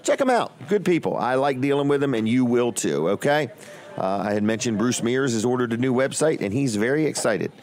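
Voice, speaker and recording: A man's voice: mid-range voice, animated, brisk, a little mellow. A man hosting a local talk show, chatting in a folksy, joking way and often repeating himself. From Delmarva Peninsula, US. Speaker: radio show host. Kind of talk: casual talk show chat.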